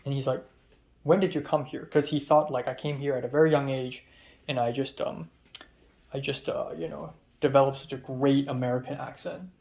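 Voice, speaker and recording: A man's voice: mid-range voice, fairly even intonation, brisk, creaky, a little mellow. A young man from Hong Kong talking through his day in a rambling, casual diary vlog, full of fillers. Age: young adult. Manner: rambling, chatty, many fillers. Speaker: film student vlogger.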